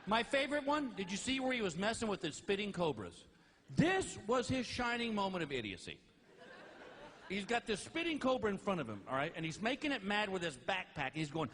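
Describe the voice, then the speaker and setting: Man, stand-up comedian, animated storytelling, exasperated outbursts, high pitch. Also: brisk.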